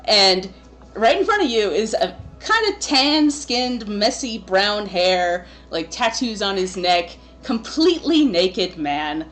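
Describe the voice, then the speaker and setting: Woman, game master, mid-pitched voice, casual narration, lots of fillers. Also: big pitch swings, slow, a bit bright, soft background music.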